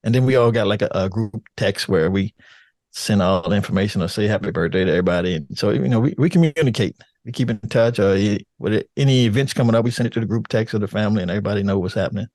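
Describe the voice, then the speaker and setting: An older man talking in a relaxed, rambling way as an interview guest, laughing now and then. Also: lowish voice, fast talker, no echo, studio quality. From United States. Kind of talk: casual chat.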